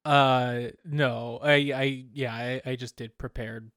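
A man's voice: mid-range voice, fairly even intonation, fairly bright tone, no echo, studio quality. Hesitant man in casual podcast chat. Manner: hesitant, halting, self-deprecating. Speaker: podcast co-host.

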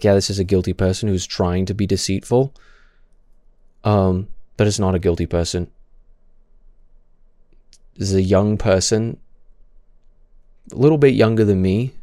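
A man's voice: fairly low pitch, mellow, clear, resonant tone, dry recording, studio quality. A man in his twenties who stutters, giving impassioned stream commentary with frequent restarts and repeated words.

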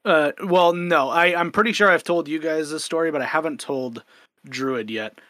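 A man's voice: a little high, moderate pace, fairly bright tone, no echo. Candid man with a slight stutter. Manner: candid, self-deprecating, many restarts. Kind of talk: casual podcast chat.

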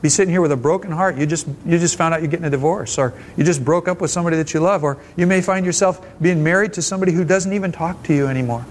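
A pastor delivers a conversational, folksy sermon at a church service, often restarting his phrases. His voice is a little high and rapid-fire with few pauses, and there's slight background noise.

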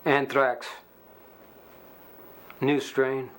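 A man's voice: mid-range voice, flat delivery, fairly bright tone. Subordinate officer, clipped formal delivery, reporting to his superior. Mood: brisk. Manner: brisk and formal. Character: dutiful male military officer reporting up.

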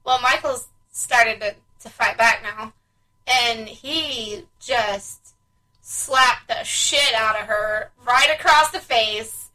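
High, bright mom telling stories. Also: female voice, slow, low-quality recording. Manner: animated storyteller, acts out her kids' voices. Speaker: podcast co-host. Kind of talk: casual chat.

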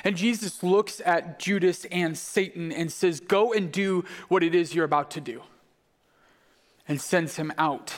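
Male pastor, high register, narrative sermon in a reverberant hall. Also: a little slow. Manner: storytelling, acting out quoted voices.

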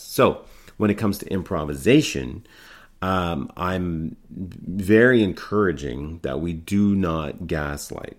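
A middle-aged man teaching improv in a rambling, conversational way, full of fillers and restarts. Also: sits low. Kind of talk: informal spoken lesson.

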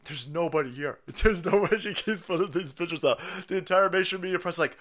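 A man's voice: sits high, animated, quick pace, few pauses, a bit bright. A man hosting his own stream, giving a foul-mouthed, mocking political rant and laughing often. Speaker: streamer host.

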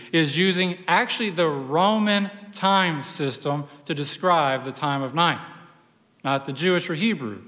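A pastor preaching a sermon, telling the story in a conversational, animated way with personal asides. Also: male voice, a little high, big-room sound.

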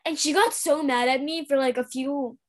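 Young female co-host, high-pitched, hesitant casual storyteller. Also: fairly even intonation, moderate pace. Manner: hesitant, chatty, with fillers and self-corrections. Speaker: podcast co-host. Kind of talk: casual chat.

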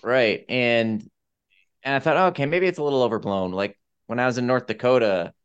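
A man hosting a podcast, telling stories in a casual, lively way and slipping into quick accent impressions. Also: medium pitch, clear, resonant tone, highs cut off. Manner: animated storyteller who mimics accents. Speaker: podcast host. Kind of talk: casual chat, storytelling.

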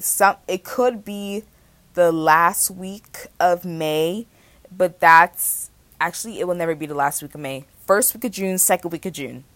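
Young woman podcast host in her 20s, chatty, slangy, swears, animated asides. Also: lowish voice, no echo. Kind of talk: casual chat.

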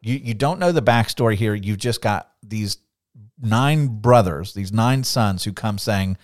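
A middle-aged man co-hosting a casual Bible study podcast, animated and laughing often as he acts out the voices of the people in the story. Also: lowish voice, measured pace. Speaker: podcast co-host.

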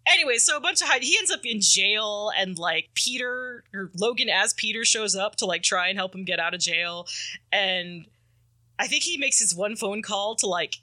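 A woman's voice: mid-range voice, lively intonation, moderate pace, sharp tone. A woman co-hosting a podcast, casually recapping a comic story in a rambling way and acting out the characters' lines. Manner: rambling, filler-heavy, acts out characters' lines. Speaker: podcast co-host.

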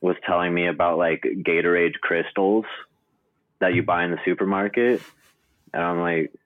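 A man with an extremely deep voice hosts a casual chat, filling his sentences with "like." His audio is thin and tinny, as if it came through a phone line. The tone stays loose and conversational. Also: fairly even intonation, moderate pace, no echo. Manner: chatty, peppered with "like". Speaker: podcast host.

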